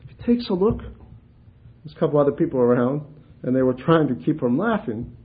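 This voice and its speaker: A man preaching a sermon, telling humorous stories in an animated way and laughing at his own anecdotes. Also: a little high, normal speed, lo-fi sound.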